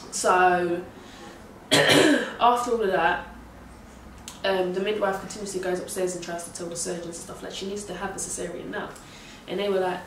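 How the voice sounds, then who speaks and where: A young woman, casually retelling a story in an animated, slangy way full of swearing. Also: on the low side, brisk, a little hiss or hum. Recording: echoey room heard from a distance.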